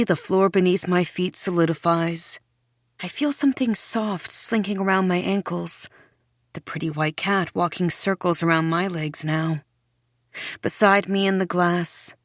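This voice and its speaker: A woman reading a first-person mystery audiobook in a dreamy, unhurried, faintly unsettling way. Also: on the low side, fairly even intonation, no echo, studio quality. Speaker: audiobook narrator.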